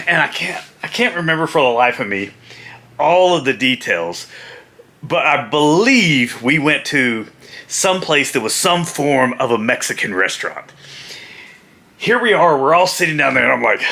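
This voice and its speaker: A man, a motorcycle vlogger and former pro wrestler, telling a story casually, animated and laughing often. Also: medium pitch, measured pace.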